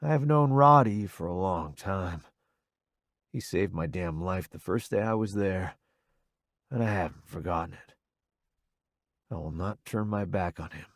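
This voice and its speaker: Expressive male audiobook narrator. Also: low voice, a little slow, long pauses, dry recording, studio quality. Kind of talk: first-person romance audiobook narration.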